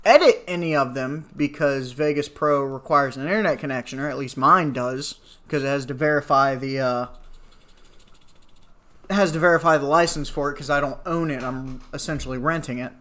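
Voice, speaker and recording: This twenty-something vlogger speaks at normal speed in a mid-range, somewhat bright voice as he rants to camera. He sounds exasperated and sarcastic, cursing freely and drifting through side comments.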